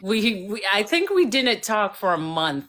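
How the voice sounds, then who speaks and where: A woman hosting a casual live stream, telling a lively story and acting out the voices of the people in it. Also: mid-range voice, measured pace. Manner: animated storyteller who acts out voices. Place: home by a fireplace.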